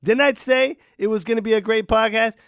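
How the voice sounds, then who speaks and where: A man hosting a solo podcast, ranting in an animated, jokey way. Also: sits high, a little fast, no room sound, studio quality. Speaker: podcast host. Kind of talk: casual solo podcast rant.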